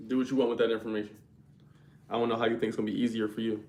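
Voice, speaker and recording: A man's voice: fairly low pitch, little pitch movement, very fast, a little mellow, roomy sound. A young man hosting a livestream, talking loosely and slangily straight to his viewers' chat. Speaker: livestream host.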